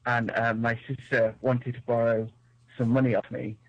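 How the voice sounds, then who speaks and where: A man's voice: mid-range voice, flat delivery, normal speed, dull audio. A British man calling in to a talk show, shy and giggly. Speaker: caller. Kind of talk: call-in chat.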